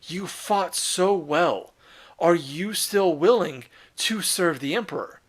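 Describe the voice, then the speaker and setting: A loving male demigod commander speaks tenderly to a fallen son, as a man acts him out in a commentary video. The voice is gentle and reassuring and sits higher than an everyday male speaking voice. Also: animated, takes it slowly, exaggerated voice. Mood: tender, proud.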